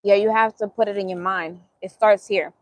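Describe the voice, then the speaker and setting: With a Bronx New York accent, this woman hosts a vegan cooking channel and eats during a live stream, casually replying to viewers' comments and laughing readily. She speaks at normal speed with medium pitch and fairly even intonation, and there's no echo.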